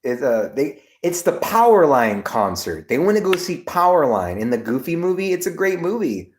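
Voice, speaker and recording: A man's voice: fairly high pitch, very animated, normal speed, darkish tone, slight background noise. A man live streaming, chatting casually with viewers in a rambling, laughing way with plenty of swearing. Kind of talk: casual livestream chat.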